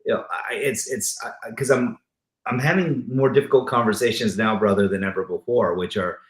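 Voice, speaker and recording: A man's voice: on the low side, a little fast. Rambling male host in an echoey room. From Southern California. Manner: rambling, many false starts, calls guest brother. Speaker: podcast host. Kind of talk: casual conversational interview.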